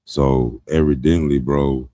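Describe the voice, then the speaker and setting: A man's voice: very deep voice, steady tone, takes it slowly, dark tone, dry recording. A man co-hosting a casual commentary show, speaking in a laid-back, rambling way. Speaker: co-host.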